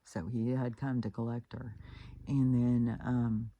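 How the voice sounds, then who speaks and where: A woman's voice: very deep voice, level tone, slow, mellow, highs cut off. A woman vlogger telling stories in a rambling, casual monologue, full of fillers and blunt swearing. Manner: rambling, with many fillers and restarts. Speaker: spiritual vlogger.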